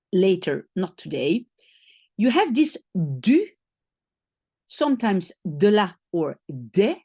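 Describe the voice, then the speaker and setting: A woman's voice: mid-range voice, creaky, darkish tone, breathy edge, no room sound, clean studio sound. A woman teaching a lesson, patient and explaining step by step, often checking if she is understood. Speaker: language teacher. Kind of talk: one-on-one French lesson.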